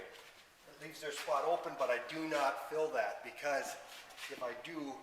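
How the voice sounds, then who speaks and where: Bright-voiced man, echoey and distant. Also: a little high, a little hiss or hum. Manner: chatty, dry sarcastic asides. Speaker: library van delivery driver. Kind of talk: explaining his work on camera. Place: inside a delivery van or loading area. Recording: echoey, roomy, from far off.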